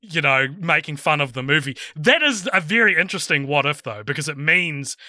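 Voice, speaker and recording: A man's voice: on the high side, lively intonation, fairly quick, sharp tone, dry recording, studio quality. A man with a New Zealand accent co-hosting a podcast, chatting casually, laughing often and reading out listener suggestions. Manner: giggly, reads out listener suggestions. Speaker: podcast co-host. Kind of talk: casual chat.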